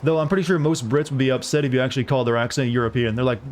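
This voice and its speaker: A man's voice: mid-range voice, racing, a little hiss or hum. A young man from the southern United States, a streamer chatting casually and rambling as he plays, swearing now and then. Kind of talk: casual chat while gaming.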